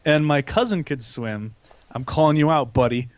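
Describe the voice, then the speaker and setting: A young man co-hosting a casual podcast, telling animated stories and swearing often. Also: a little high, moderate pace, no echo, lo-fi sound. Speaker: podcast co-host. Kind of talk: casual chat.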